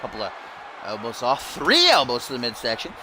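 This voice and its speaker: A young man doing mock play-by-play commentary over a wrestling video game, bursting into shouts at big moves. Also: medium pitch, wildly swooping pitch, brisk. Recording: loud game crowd and noise behind. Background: loud arena crowd and game sounds.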